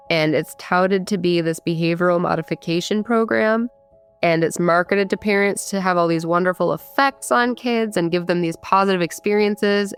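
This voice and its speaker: A woman's voice: lowish voice, clean tone. A woman in her thirties, originally from Michigan, recounting her own story in candid conversational speech with frequent fillers. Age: 30s. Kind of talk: personal storytelling.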